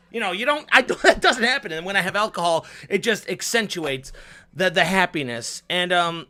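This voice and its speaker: This off-the-cuff vlog monologue comes from a man with an expressive voice at a moderate pace. His lines tilt upward at the ends, and he swings from booming rants to quiet grumbles, swearing liberally and doubling back on words.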